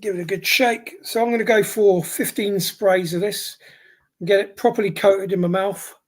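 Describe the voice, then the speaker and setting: Husky man with a head cold, reacting to heat. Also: high-pitched, steady tone, normal speed. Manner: exclaiming, reacting aloud to spicy heat. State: has a head cold, runny nose. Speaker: hot sauce reviewer and host. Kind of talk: livestream product test.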